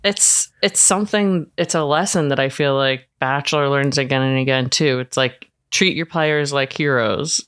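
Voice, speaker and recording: A podcast co-host giving a wry, deadpan play-by-play recap of a reality show in casual chat. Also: medium pitch, moderate pace, few pauses, clear, resonant tone.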